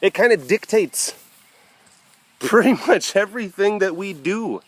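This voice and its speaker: A man's voice: high-pitched, lively intonation, measured pace, breathy edge, no echo. A young man talks casually on camera outdoors at an animal compound in wet weather. He rambles and cracks jokes, slipping into playful sound effects and baby talk for the big cats. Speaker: big cat sanctuary keeper and webcast host. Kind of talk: casual outdoor vlog chat.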